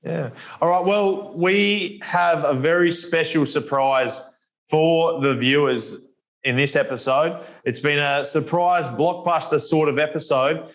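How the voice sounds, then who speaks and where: A man hosts a relaxed sports chat. His voice is somewhat higher than most men's, and his tone stays upbeat and teasing throughout. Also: measured pace. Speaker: show host. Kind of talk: casual chat.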